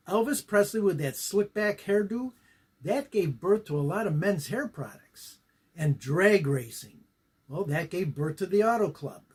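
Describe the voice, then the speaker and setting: Husky deadpan older storyteller. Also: male voice, fairly high pitch. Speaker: comedian. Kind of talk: stand-up comedy monologue.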